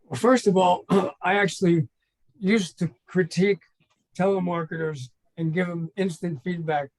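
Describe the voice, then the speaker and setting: High-voiced older man telling stories. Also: fairly even intonation, normal speed, low-quality recording. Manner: rambling, anecdotal, acts out phone calls. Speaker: guest, trainer and consultant. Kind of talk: casual storytelling in an interview.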